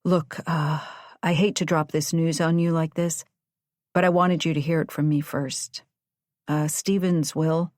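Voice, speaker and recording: A woman reading the lines of a brisk, matter-of-fact male attorney in an audiobook. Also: low voice, flat delivery, darkish tone, no echo, clean studio sound. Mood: businesslike.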